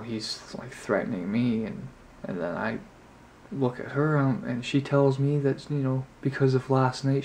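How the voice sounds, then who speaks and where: Guy vlogging, gravelly voice, just rambling thru a story with tons of "you know"s, faint hum behind. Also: mid-range voice, a little mellow. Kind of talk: casual storytelling to camera.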